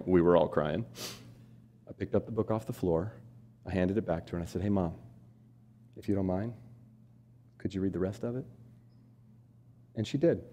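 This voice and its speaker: A man in his forties giving a keynote talk on stage, telling a personal story, asking the audience questions and acting out the voices of the people in it. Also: sits low. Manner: animated, acts out quoted voices, asks audience questions. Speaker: keynote speaker. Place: stage before a live audience.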